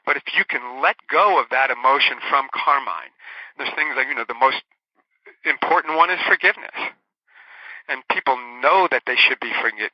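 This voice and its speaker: A man's voice: mid-range voice, no room sound. Earnest man explaining, dull dry audio. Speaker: author, guest. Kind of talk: casual interview talk.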